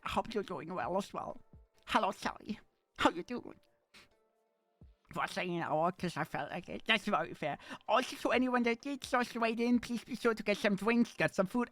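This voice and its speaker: A man streaming live in casual chat, playful and animated, jumping from excited squeals to low mutters. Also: dry recording.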